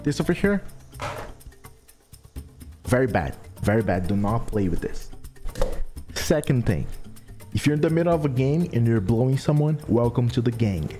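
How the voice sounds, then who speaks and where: A man's voice: mid-range voice, expressive, moderate pace, pauses often, dark tone, soft background music. A man commentating his own gameplay with brash, crude trash talk and exasperated rants. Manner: exasperated, ranting.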